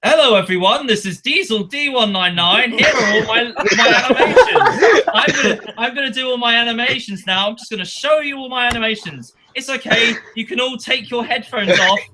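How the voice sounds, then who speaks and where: Excitable joking man on a live stream. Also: extremely high pitch, fairly quick, over a noisy crowd. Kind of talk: casual live stream chat.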